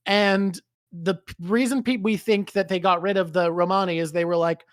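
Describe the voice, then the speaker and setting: A man's voice: sits high, steady tone, moderate pace, no room sound, clean studio sound. A man co-hosting a book club stream, rambling casually and swearing freely. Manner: rambling, swears freely, does silly voices. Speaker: streamer co-host. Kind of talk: casual chat.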